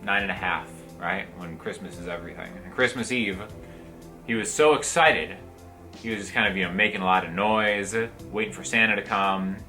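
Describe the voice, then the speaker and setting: Young male comic, bright voice, lower pitch, animated storyteller who slips in and out of character voices, faint music behind. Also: brisk. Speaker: comedian pitching movie ideas. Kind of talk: comedic improv pitch.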